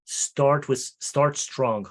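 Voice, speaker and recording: A man hosting a casual interview about public speaking, talking in an animated way and often repeating words as he starts a thought. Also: mid-range voice, very slow. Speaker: host.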